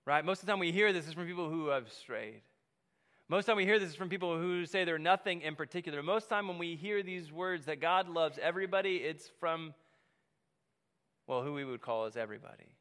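A male pastor delivering a sermon in a conversational way, repeating key phrases and pausing often. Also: on the high side, fairly bright tone. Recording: long reverb of a large hall.

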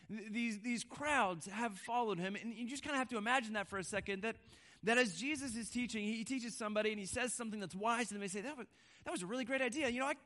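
A man's voice: high voice, sharp tone. A man in his thirties preaching a conversational sermon, often repeating words and checking in with "right?". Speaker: pastor.

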